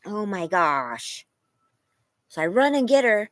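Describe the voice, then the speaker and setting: A young woman from California chatting casually on a livestream from her home, animated and laughing often as she thanks viewers by name. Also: on the high side, moderate pace, no room sound, poor audio. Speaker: livestream host.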